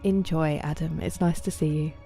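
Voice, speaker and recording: Low, mellow-voiced woman streamer. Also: steady tone, moderate pace, vocal fry, faint music behind. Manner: chatty, greets and answers chat by name, often drops to soft near-whispers. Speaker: game streamer. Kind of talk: casual live-stream chat while gaming.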